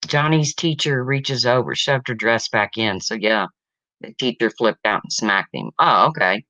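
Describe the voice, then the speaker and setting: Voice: mid-range voice, measured pace, sharp tone, dry recording. A livestream host telling jokes casually and chatting with viewers, chuckling along. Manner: chatty, chuckling, talks to chat. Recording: dull slightly lo-fi stream audio.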